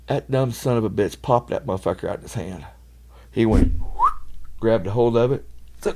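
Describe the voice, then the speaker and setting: A man, a podcast guest telling rambling party stories in casual chat, laughing often and getting loud when he acts out other people. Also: on the low side, fairly quick.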